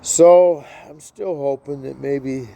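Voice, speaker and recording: A man's voice: sits low, lively intonation, unhurried, noisy background. A man in his sixties talking bluntly and wearily in a rambling personal vlog, swearing freely. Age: 60s. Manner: blunt, profane, weary. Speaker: vlogger. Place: outdoors.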